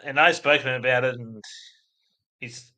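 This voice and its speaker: Bright-voiced Australian man streaming. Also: mid-range voice, steady tone, normal speed. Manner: rambling, chatty, laughs at chat. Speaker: livestream host. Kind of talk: casual livestream chat.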